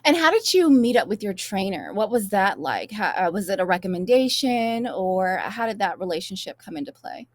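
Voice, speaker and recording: A woman's voice: mid-range voice, very animated, normal speed, hardly any pauses. A woman interviewing a guest, asking questions in an enthusiastic, affirming way.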